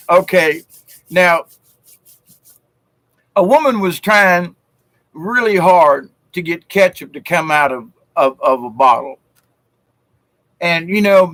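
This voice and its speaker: Man, folksy joke-teller, slow speech, dry close sound. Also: sits high, bright, forceful tone, no echo, rough recording. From South Georgia, US. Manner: folksy and chuckling, with frequent fillers. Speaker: live-stream host. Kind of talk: casual joke-telling chat.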